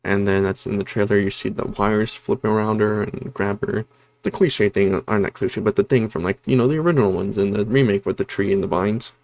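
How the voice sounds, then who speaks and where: A man's voice: fairly low pitch, fairly even intonation, a little fast, creaky, a little mellow. A man casually recapping a horror movie plot for his review channel, rambling with lots of fillers and self-corrections. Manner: self-correcting, apologetic about disorganization. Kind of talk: casual spoken film review.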